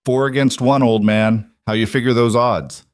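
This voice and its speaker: A man's voice: mid-range voice, steady tone, normal speed, no echo, studio quality, close to an everyday voice. A man voicing a tall outlaw dressed in black who speaks in a lazy drawl, in a western story. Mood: wary.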